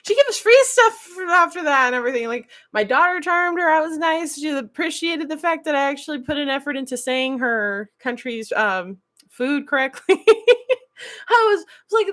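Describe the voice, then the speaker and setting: A woman's voice: high voice, moderate pace. A woman in casual chat, telling a story with lots of laughter and quoted lines. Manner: animated storytelling, laughs often, quotes herself. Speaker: podcast host.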